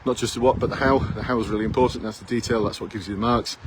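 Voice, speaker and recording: Talking very fast to the camera, the fifty-something coach gives would-be police recruits blunt, challenging advice laced with rhetorical questions. His medium-pitched voice holds a steady tone. Background noise from the town around him is audible.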